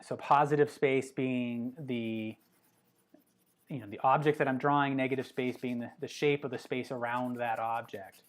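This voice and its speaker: An art instructor hosting a live drawing session, talking through each step in a relaxed, chatty way with many fillers and self-corrections. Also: mid-range voice, normal speed. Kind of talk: live drawing demonstration, thinking aloud.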